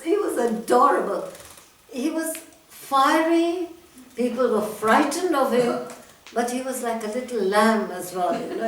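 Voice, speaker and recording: A woman's voice: on the high side, a little hiss or hum. An older woman giving a talk, telling a personal story from memory, with many restarts and small laughs. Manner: reminiscing, with frequent restarts and laughs. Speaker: guest speaker. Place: talk venue hall. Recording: echoey hall from far off.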